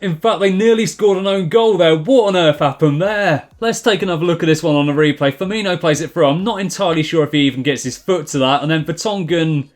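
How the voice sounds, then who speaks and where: A young man giving dry, sarcastic commentary over a football video game, with deadpan asides. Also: a little high, a little fast, few pauses.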